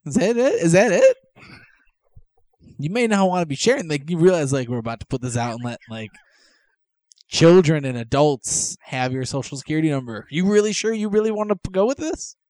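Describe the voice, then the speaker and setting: Man, podcast co-host, a bit higher voice, stammering and incredulous, dry close mic. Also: expressive, fairly quick, darkish tone, no room sound. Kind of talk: casual comedic banter.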